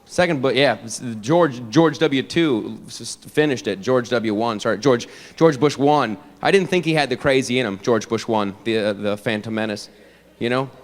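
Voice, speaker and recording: A man performing an animated stand-up comedy routine, jumping into many character voices. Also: mid-range voice, moderate pace.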